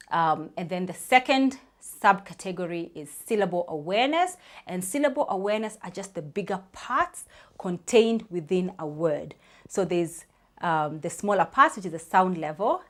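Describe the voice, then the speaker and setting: Lower-voiced woman explaining to parents. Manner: conversational, often says "you know", spells out sounds. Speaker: speech therapist.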